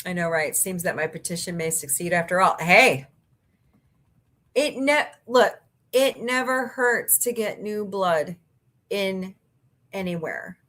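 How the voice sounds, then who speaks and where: A woman hosts a relaxed livestream, talking to her viewers and joking around. Her voice is bright and crisp, and her pitch bounces all over the place. She comes across as chatty and sarcastic. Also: slow pace, long pauses. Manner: chatty and sarcastic, jokes and laughs with her chat. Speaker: livestream host. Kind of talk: casual livestream chat reading viewer comments.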